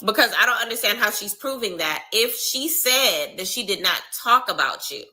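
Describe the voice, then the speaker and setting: A woman with a Southern US accent giving casual live commentary on a TV show, animated and slangy, laughing often. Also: medium pitch, normal speed. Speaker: live reaction streamer.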